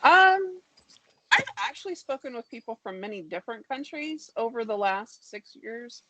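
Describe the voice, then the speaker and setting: A woman in her fifties with an American accent, calmly explaining things as a guest on a video call. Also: a little high, normal speed, slight background noise, rough recording. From United States. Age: 50s. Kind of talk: casual conversation on a video call.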